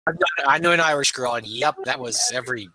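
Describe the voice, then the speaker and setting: A man chatting on a podcast in a quick, teasing and enthusiastic way. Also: medium pitch, bright, forceful tone, dry recording. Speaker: podcast guest. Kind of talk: casual podcast chat.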